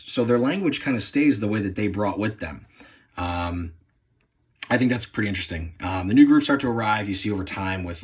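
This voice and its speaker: Low husky hesitant male student. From New England. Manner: hesitant, apologetic, many ums. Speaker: student presenter. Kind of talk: class presentation. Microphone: phone.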